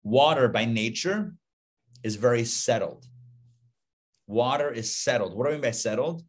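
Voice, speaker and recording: A middle-aged man, a rabbi, teaching a casual live Torah class, animated and conversational, asking rhetorical questions and repeating himself. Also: mid-range voice, normal speed.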